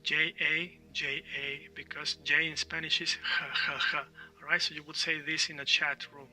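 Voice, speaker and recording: Bright-voiced man teaching a lesson. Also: a little high, level tone, normal speed, recorded from a distance. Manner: explanatory, repeats words for drill, frequent "all right?". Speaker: language teacher. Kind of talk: online language lesson.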